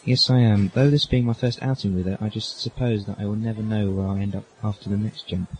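A man's voice: lowish voice, steady tone, fast, a little hiss or hum, lightly acted, rough recording. A man playing an eccentric, polite time-traveling doctor who talks in a chatty, fussy, genteel way. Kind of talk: amateur audio drama.

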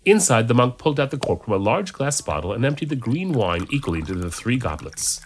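A man narrating a story in an amateur audiobook reading. His delivery is expressive, with a mid-pitched voice and very animated intonation. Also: fast talker, a little hiss or hum.

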